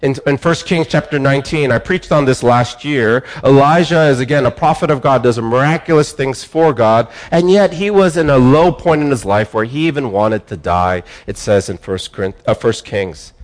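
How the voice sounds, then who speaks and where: A man preaching a sermon, building phrases up and dropping them low, pausing, repeating words and restarting himself. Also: lively intonation. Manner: emphatic preaching, rising and falling with pauses. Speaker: pastor.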